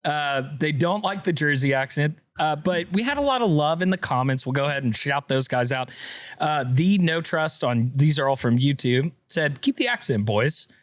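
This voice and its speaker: A man's voice: a little high, expressive, normal speed, no echo. A man hosting a casual podcast, chatting playfully and reading listener messages aloud. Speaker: podcast host.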